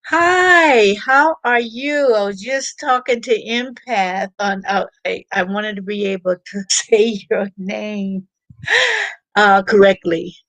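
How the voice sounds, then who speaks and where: A woman hosting a casual livestream, chatting in a halting way and often repeating her words as she reads the chat. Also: mid-range voice, fairly even intonation, no room sound. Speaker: YouTube livestream host.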